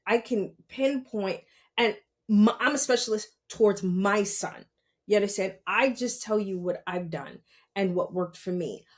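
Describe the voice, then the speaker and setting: A middle-aged woman talking casually on a podcast as a parent, earnest and repeating her points for emphasis. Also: medium pitch. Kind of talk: casual talk.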